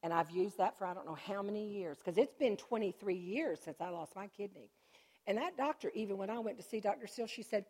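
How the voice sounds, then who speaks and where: A middle-aged woman telling a personal faith testimony, animated and swinging from joyful shouts to hushed, low recollection. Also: a little fast. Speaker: church member giving testimony.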